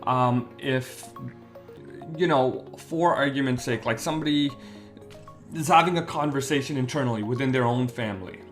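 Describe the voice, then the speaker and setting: A man's voice: mid-range voice, normal speed, soft background music. Chatty man hosting an interview. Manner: animated, rambling with restarts and asides. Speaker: host, wedding MC and magician. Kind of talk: casual interview chat.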